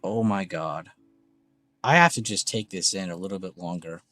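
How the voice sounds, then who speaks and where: A young man hosting a casual live trading stream, excitable and gushing, swearing freely. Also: low voice, normal speed, dry recording. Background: faint background music.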